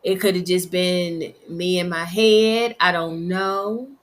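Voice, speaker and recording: Slow, halting woman. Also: lowish voice, fairly even intonation. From Virginia. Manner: slow, halting, emotional storytelling. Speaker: grieving mother telling her story. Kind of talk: personal testimony.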